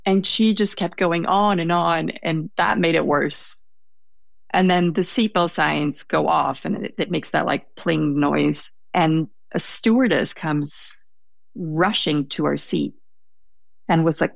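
A woman's voice: low voice, steady tone, a little slow, vocal fry, dry recording. A young woman telling a story in conversation, hesitant and self-correcting, laughing now and then.

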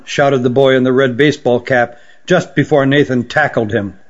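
A man narrating an audiobook story at a steady, even storytelling pace. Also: mid-range voice, normal speed. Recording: dull lo-fi recording.

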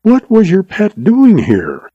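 A man's voice: high voice, huge pitch swings, warm tone, breathy edge, no echo, dull audio, voice pushed up, exaggerated voice. A man putting on a cool, sugary-voiced young woman. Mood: sharp. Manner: deliberate, sugary. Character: young woman ranch heiress, cool and mocking.

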